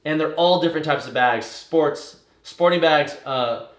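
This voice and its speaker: A man telling a personal story in a casual, animated way, tumbling through details with fillers and swearing. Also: a little high, unhurried. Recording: echoey room.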